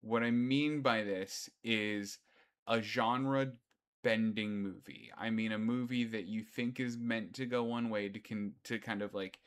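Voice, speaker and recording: A middle-aged man co-hosting a podcast in casual chat, animated and joking at his own expense. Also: lowish voice. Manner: animated, jokey, mocking himself. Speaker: podcast co-host.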